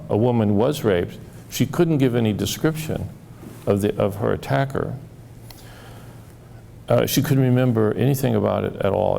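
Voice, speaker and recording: Male therapist, very gravelly low voice, mellow tone; halting storyteller, acts out dialogue. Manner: halting, repeats words, acts out quoted dialogue. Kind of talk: storytelling talk.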